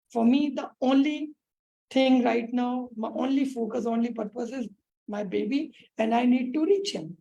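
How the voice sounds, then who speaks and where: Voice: high voice, gravelly, warm tone, muffled recording. A woman telling a teaching story who voices a humble young village mother, pleading and apologetic.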